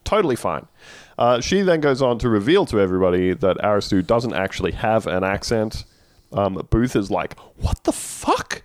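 A man's voice: fairly low pitch, expressive, moderate pace, no echo, clean studio sound. A man co-hosting a podcast, recapping a TV episode in casual chat with sarcastic asides and laughter. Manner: sarcastic, swears, laughs while talking. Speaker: podcast co-host.

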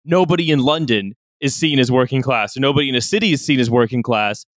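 A man on a podcast laying out a political argument, halting and restarting as he builds it. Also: mid-range voice, no room sound, clean studio sound. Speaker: podcast co-host. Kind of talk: analytical political chat.

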